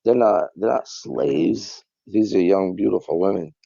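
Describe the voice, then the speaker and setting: A man's voice: deep voice, a little slow, gravelly, mellow, slightly rough, no room sound. A man in an interview clip, speaking emphatically and bluntly. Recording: dull, muffled clip.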